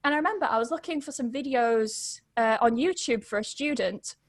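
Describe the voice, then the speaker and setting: A young woman, a podcast guest telling her story in a chatty, quick way and laughing often. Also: fairly high pitch, expressive, no echo. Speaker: podcast guest, English pronunciation teacher. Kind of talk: casual storytelling interview.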